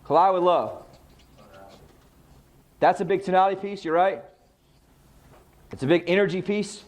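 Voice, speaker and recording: The speaker is a middle-aged man leading a real estate training session in a high-pitched, steady, darkish voice at a fairly quick clip. He tends to throw rhetorical questions at the class and answer them on his own.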